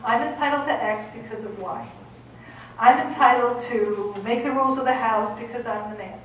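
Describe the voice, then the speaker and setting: A woman's voice: on the high side, moderate pace, slight background noise. A woman from Boston with a Boston accent, giving an emphatic conference talk and often checking in with "okay?". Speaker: conference speaker. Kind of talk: lecture. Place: conference hall. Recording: echoey hall, voice from a distance.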